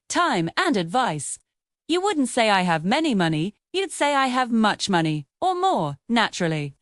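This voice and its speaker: A woman narrating a scripted English lesson, explaining grammar clearly and patiently with sing-song emphasis. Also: a little high, dry recording, clean studio sound. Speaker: English teacher.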